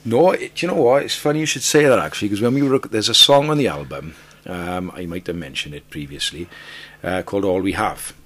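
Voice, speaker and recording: A Welsh singer, a man, chatting as a podcast guest and telling animated stories, often repeating words as he starts a sentence. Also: low-pitched, fairly quick, few pauses. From Wales. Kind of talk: casual chat.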